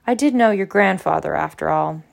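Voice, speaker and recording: A woman's voice: lowish voice, expressive, fairly quick, vocal fry. A woman reading aloud as a genial, tipsy older male professor. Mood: jovial. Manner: genial and hiccuping.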